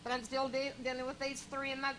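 A woman giving a tearful, fervent testimony, slowing down and rising in volume as she reads scripture. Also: sits high, little pitch movement, background noise. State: crying. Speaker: caller sharing a testimony. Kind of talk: emotional testimony.

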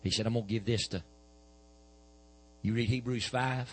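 A man's voice: mid-range voice, steady tone, normal speed, rough recording. A man, preaching a sermon and telling a healing story with quoted back-and-forth dialogue.

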